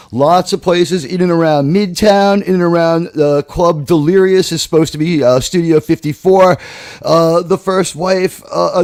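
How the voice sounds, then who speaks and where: A man with a slightly higher voice talks loosely in a casual podcast chat, circling back and restarting as he hunts for names. His voice sounds close and dry, with no room around it. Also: darkish tone, no echo. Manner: rambling, restarts, searches for names. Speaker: podcast panelist.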